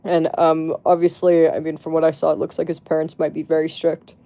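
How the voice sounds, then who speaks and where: A woman's voice: deep voice, completely flat delivery, fairly quick, mellow. A woman livestreamer chatting to her viewers, telling a story in a casual way with lots of "like" and swearing. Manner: chatty, heavy on "like" and profanity.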